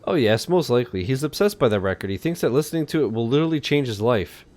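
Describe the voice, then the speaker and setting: A man's voice: medium pitch, lively intonation, fast talker, a little mellow, natural voice. A man voicing a jovial middle-aged male biker who runs a record shop, speaking with a put-on French accent.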